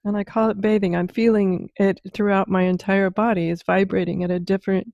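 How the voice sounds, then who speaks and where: A podcast host with a gravelly, darkish, mid-range voice speaks a little fast in a level tone during an interview. She's effusive, reacting with breathless wows and posing long, rambling questions, and the audio is dull with no echo.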